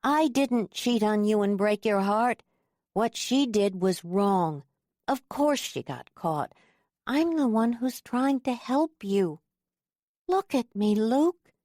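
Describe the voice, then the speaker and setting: A woman's voice: a little high, animated, slow, a little mellow, dry recording, clean studio sound, voice pushed up. A woman voicing a young woman who is jealous and insistent, talking in a pleading, defensive way.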